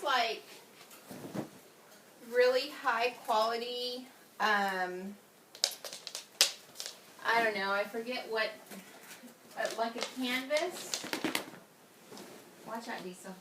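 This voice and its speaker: A woman's voice: fairly high pitch, slow, pauses often. Breathless chatty woman, far from the mic. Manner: chatty, rambling, many ums, laughing. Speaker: home video reviewer. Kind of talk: casual product demo. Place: at home, indoors. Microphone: camera set away from her. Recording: echoey room, off-mic, noisy.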